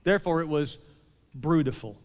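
A man pastor preaching a sermon, emphatic, swinging between loud and hushed passages. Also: on the high side, expressive, normal speed, in a large hall.

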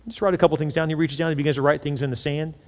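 A man's voice: fairly high pitch, steady tone, racing, long reverb tail. A male pastor preaching a sermon, acting out people's inner voices as his volume swells and drops. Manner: preaching with acted-out inner voices, rising and falling in loudness.

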